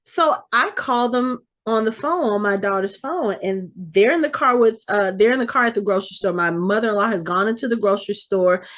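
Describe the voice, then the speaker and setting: A middle-aged woman, co-hosting a podcast and telling a long casual story in a chatty, animated way, often restarting and correcting herself. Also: medium pitch, fairly quick, few pauses. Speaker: podcast co-host.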